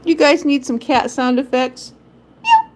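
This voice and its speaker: A woman's voice: medium pitch, lively intonation, a little slow. A woman hosting a live stream, chatting in a rambling way and laughing often. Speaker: livestream host. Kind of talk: casual live-stream chat.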